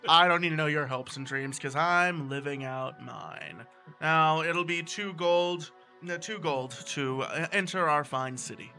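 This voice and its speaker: A man's voice: a little high, pushed and bright, soft background music. A man doing a curt, dismissive old dockmaster. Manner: impatient, drawn-out and dismissive.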